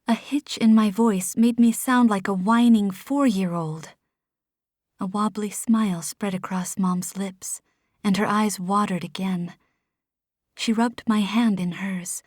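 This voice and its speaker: A woman narrating a first-person fantasy novel in a soft, hushed, measured voice. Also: mid-range voice, no echo, studio quality. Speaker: audiobook narrator.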